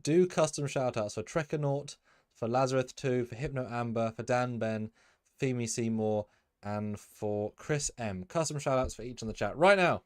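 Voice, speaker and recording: A man's voice: medium pitch, normal speed, dry recording, clean studio sound. A man hosting a casual live stream, rambling with lots of fillers and restarts.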